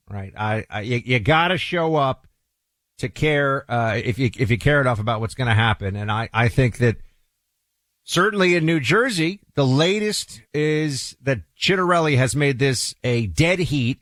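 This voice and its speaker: A man hosting a political talk show, delivering commentary in a halting way, full of restarts and uhs, with pitch that jumps up for emphasis. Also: a bit bright, dry recording, clean studio sound. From New York City. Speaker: radio talk show host.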